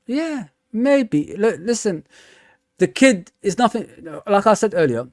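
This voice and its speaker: A man's voice: sits high, sing-song, unhurried. A young man, hosting a live stream and chatting casually with his viewers, rambling and repeating himself with lots of fillers. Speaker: fan channel host. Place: home.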